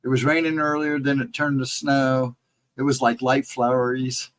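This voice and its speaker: Hoarse man chatting casually on a livestream. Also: medium pitch, little pitch movement, moderate pace, rough recording. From central Ohio, United States. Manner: rambling, chatty, greets viewers by name. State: voice cracking, fighting laryngitis. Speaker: livestream co-host.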